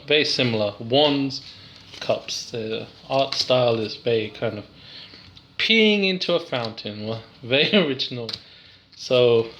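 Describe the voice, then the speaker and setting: Man, English accent, young adult, rambling and giggly, bright tone, slight hiss behind. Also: medium pitch. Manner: rambling, giggly, self-deprecating. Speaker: tarot card reviewer. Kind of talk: casual review vlog.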